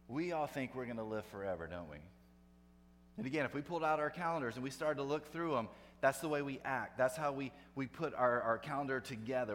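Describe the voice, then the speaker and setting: A pastor giving a sermon, conversational, with emphatic rising bursts for effect. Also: male voice, mid-range voice, a bit bright. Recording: long hall reverb, faint hum.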